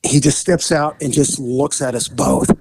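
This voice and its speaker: A man hosting a podcast, spinning a crime yarn in an easygoing, animated way. He laughs often and swears freely, at a middle pitch. The sound is close and dry. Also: a little slow, dry recording. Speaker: podcast host telling a crime story. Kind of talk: casual storytelling.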